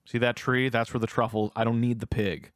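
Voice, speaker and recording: A man co-hosts a casual film review podcast at an ordinary middle pitch. He walks through scenes at length and acts out each character's lines. His voice sits dry and close to the mic, with no room sound. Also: flat delivery, a little fast, dry recording. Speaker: podcast co-host.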